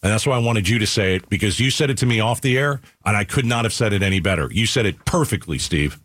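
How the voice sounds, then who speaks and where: Husky, animated male radio host. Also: fairly low pitch, quick pace, dry recording, studio quality. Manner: energetic, emphatic. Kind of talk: casual radio talk.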